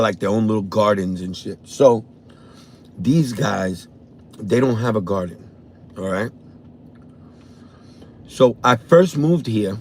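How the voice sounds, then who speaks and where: A man with a New York accent, a vlogger telling a profane, animated story from his car on a morning drive. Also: on the low side, a little hiss or hum. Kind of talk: casual storytelling.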